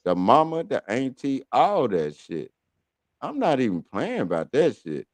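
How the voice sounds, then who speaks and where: A man hosting talk radio in a heated, cursing rant, swinging between loud outbursts and low grumbles. His voice sits at an ordinary middle pitch. The sound is dry and close, with no room echo. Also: wildly swooping pitch, a little slow. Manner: heated, cursing, blunt storytelling. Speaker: radio show host. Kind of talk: profane casual rant.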